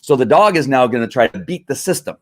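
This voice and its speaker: A man's voice: medium pitch, animated, fast talker, a bit bright. A man hosting a live stream, explaining dog training in a conversational, repetitive teaching manner with fillers. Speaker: livestream host and dog trainer.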